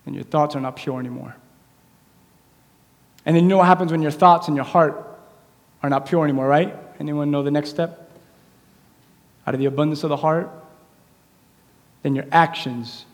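A pastor preaching a sermon in a church, swinging between quiet, intimate lines and loud, animated appeals. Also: male voice, a little high, moderate pace, long pauses, long reverb tail. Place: church sanctuary.

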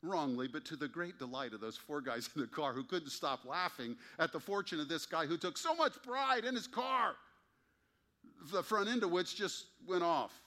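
A man's voice: on the high side, expressive, moderate pace, bright, forceful tone. A man preaching a sermon to his congregation, emphatic and wry, often asking pointed rhetorical questions. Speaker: pastor.

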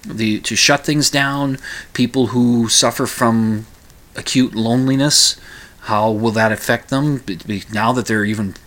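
A man's voice: medium pitch, fairly even intonation, measured pace, fairly bright tone. A man hosting a casual commentary show, rambling through the news with frequent restarts and asides.

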